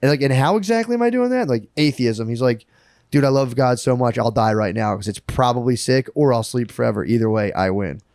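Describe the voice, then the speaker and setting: A man co-hosting a podcast, chatting casually and telling animated, profane stories full of put-on quotes. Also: medium pitch, fairly quick, no room sound, clean studio sound. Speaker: podcast co-host. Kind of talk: casual chat.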